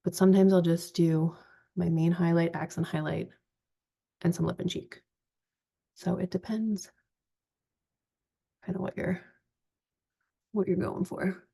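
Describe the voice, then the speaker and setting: A woman in her forties giving a chatty, relaxed step-by-step makeup tutorial. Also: lowish voice, measured pace, gravelly, pauses often, husky. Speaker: makeup vlogger.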